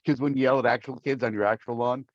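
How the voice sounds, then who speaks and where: A man's voice: mid-range voice, fairly even intonation, fast talker, no echo. Middle-aged male voice actor, theatrical storyteller; dry, dull remote sound. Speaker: voice actor, guest. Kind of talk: casual interview talk.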